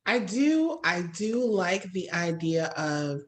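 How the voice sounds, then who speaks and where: A woman hosting a podcast interview, chatting casually and laughing often with lively exclamations. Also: fairly low pitch, slow. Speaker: podcast host.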